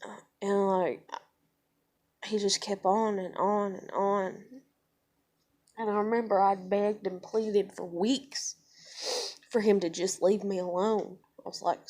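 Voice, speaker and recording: A woman's voice: mid-range voice, steady tone, slow, pauses often, darkish tone. A young woman, telling a personal story to camera in a blunt, profane, conversational way. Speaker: vlogger.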